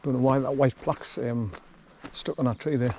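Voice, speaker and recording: A man's voice: mid-range voice, steady tone, moderate pace, dark tone, a little hiss or hum. A man chatting casually while walking his dog along a forest track, rambling and chuckling often, recorded on a camera he carries. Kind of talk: casual walking vlog commentary.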